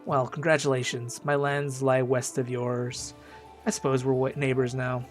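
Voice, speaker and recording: A man's voice: mid-range voice, little pitch movement, normal speed, soft background music, lightly acted. A man reading as a haughty noble baron. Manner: dismissive, reading game dialogue aloud with stumbles.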